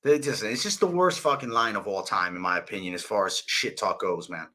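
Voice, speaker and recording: A man's voice: fairly low pitch, a little fast, pushed and bright. A young man hosting a live fight betting breakdown, talking in a casual, profane, slangy way. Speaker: host.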